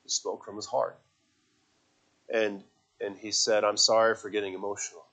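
A man preaching as a youth pastor, earnest and halting, often restarting and repeating words before building to emphatic appeals. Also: lowish voice, little pitch movement, a bit bright. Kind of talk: sermon.

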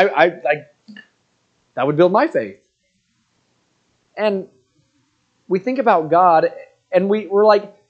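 A man in his thirties giving a casual, rambling sermon, full of fillers and joking asides. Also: a little high. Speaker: pastor.

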